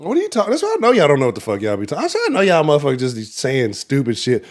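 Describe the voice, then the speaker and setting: A man hosting a live sports talk show, giving profane, animated, trash-talking commentary. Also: medium pitch, racing. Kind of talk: casual livestream sports commentary.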